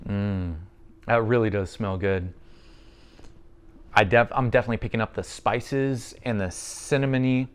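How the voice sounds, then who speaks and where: A man's voice: lowish voice, fairly even intonation, normal speed, long pauses, smooth. A man giving a casual, chatty product review, friendly and thinking aloud with the odd filler.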